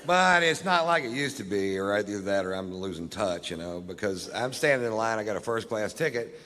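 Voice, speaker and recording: A middle-aged man telling a stand-up story in a deadpan, drawling, profane way. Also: fairly low pitch, brisk, slight background noise. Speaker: stand-up comedian. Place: comedy stage before a live audience. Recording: live hall recording with long reverb, faint ambience.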